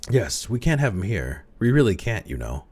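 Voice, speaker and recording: A man's voice: fairly low pitch, big pitch swings, normal speed, a little mellow, breathy edge, voice pushed up. A man reading aloud voices a severe hospital nurse who speaks sternly and curtly. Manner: stern, curt.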